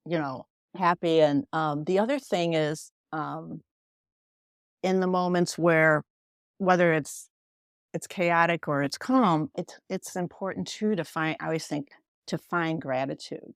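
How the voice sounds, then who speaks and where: A woman talking as a podcast guest about mindfulness, in a gentle, reflective way with many fillers. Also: deep voice, dry recording, studio quality. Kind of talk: casual interview talk.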